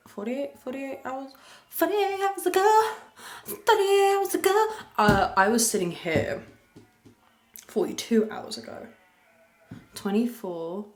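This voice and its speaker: A young woman hosting her podcast, chatting candidly and rambling with crude jokes, talking softly. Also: mid-range voice. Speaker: podcast host. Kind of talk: casual confessional chat. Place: room at a farm. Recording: echoey room.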